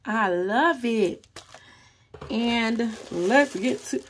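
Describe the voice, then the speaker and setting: A woman vlogger chatting casually through an unboxing, gushing and excitable as she talks straight to her viewers. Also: medium pitch, measured pace, long pauses, a little hiss or hum.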